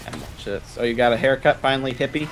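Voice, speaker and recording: A young man chatting on a voice call about rendering and uploading his videos, teasing the others in a relaxed way. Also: medium pitch, fast, a little hiss or hum. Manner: laid-back, teasing, swears casually. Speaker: gamer and video maker. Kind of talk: casual voice call chat.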